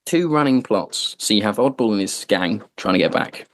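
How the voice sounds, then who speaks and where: A man's voice: fairly low pitch, expressive, normal speed, fairly bright tone, dry recording. A man hosting a podcast, chatting casually and joking, with lots of fillers. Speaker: podcast host. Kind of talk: casual chat.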